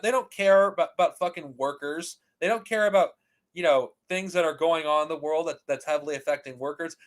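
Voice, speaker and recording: A man's voice: sits high, fairly bright tone. A man hosting a commentary channel, delivering a heated, profane rant with frequent restarts and repeated rhetorical questions. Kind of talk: ranting commentary.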